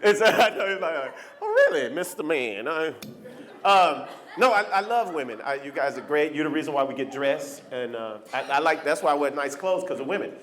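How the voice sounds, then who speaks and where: A man doing a stand-up comedy set on a club stage, animated and often jumping into shouted character voices. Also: on the high side, normal speed. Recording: live club recording with crowd laughter. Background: audience laughter.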